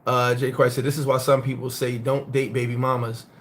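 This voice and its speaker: A middle-aged man who grew up in the United States, hosting a casual live-stream chat and telling stories in a blunt, profane, animated way. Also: medium pitch, fairly quick, a little hiss or hum. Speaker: host.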